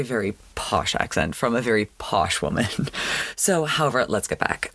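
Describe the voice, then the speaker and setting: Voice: mid-range voice, a bit bright, no room sound. A podcast host giving a chatty, wry recap of a TV episode and repeating words for emphasis. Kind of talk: casual recap commentary.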